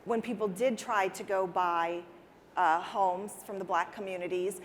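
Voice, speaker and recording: With a medium-pitched, fairly even voice and a measured pace, a woman who works in interior design responds to interview questions in an earnest, chatty way, frequently restarting thoughts and repeating words. There's hall reverb, faint ambience, and slight hiss or hum.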